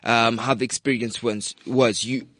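A man's voice: medium pitch, flat delivery, normal speed, a bit bright, no room sound, studio quality. A man co-hosting a radio talk show, playful and slangy, swearing freely in casual banter.

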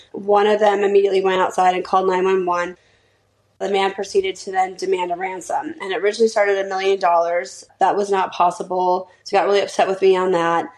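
A woman from Arizona, a mother, giving a steady personal account in an interview. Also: medium pitch, low-quality recording.

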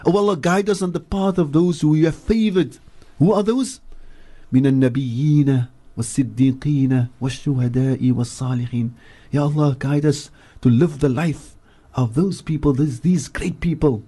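Man, South African accent, radio religious teacher, higher-pitched, mellow tone, slow recitation, emphatic repetition. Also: slightly rough. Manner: recites verses slowly, then explains with emphatic repetition. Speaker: Islamic scholar and regular radio guest. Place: radio studio.

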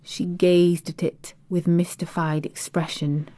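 A woman reading a classic children's novel aloud in a measured audiobook narration. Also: medium pitch, no room sound. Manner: slow, measured. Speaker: audiobook reader.

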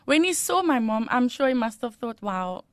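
A woman's voice: a little high, sing-song, moderate pace, no echo. Woman sharing her testimony. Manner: warm, laughs often, gets emotional. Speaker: guest. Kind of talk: personal testimony in interview.

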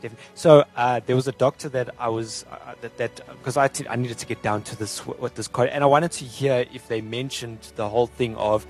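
A man's voice: medium pitch, steady tone, brisk, hardly any pauses, a little mellow, soft background music. Rambling male co-host, casual chat. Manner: rambling, many restarts and fillers. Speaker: podcast co-host.

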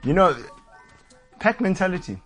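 A man's voice: high voice, sing-song, normal speed, soft background music. A man co-hosting a casual sports chat, bantering in a laid-back, slangy way. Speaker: co-host.

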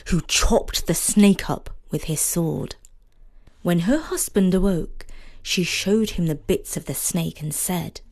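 A woman narrating a fairy story in a measured, expressive reading. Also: fairly low pitch. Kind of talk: scripted narration.

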